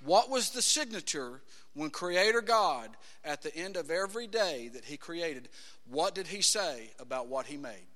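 Preacher, male, high bright voice, emphatic sermon delivery, church reverb. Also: expressive, moderate pace. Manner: emphatic, rising to shouts, quotes scripture in acted voices. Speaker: pastor. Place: church sanctuary. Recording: long hall reverb.

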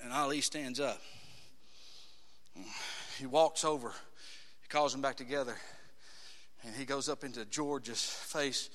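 A man preaching a dramatic sermon in a church, acting out voices and swinging between hushed tones and shouts. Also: medium pitch, measured pace, long pauses, in a large hall. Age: 30s.

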